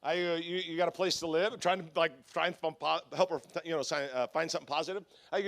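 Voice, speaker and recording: A man's voice: a little high, fairly even intonation, fast talker, vocal fry, few pauses, a bit bright. A middle-aged man from Southern California, a guest pastor preaching at a conference, telling funny stories with lots of restarts and asides. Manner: humorous, self-deprecating storyteller with frequent restarts. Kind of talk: conference sermon with storytelling.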